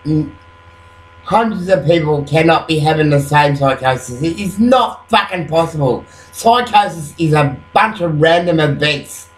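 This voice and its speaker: A fairly high-pitched man speaks at a measured pace into his webcam late at night, having just woken at home. This vlogger's monologue is rambling, profane, agitated and full of "you know" fillers, and the room echoes noticeably.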